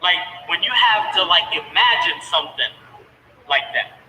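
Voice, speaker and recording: A man, a father, tells an emotional personal story in a halting way, with many fillers and restarts. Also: high-pitched, expressive, sharp tone, big-room sound, a little hiss or hum, rough recording.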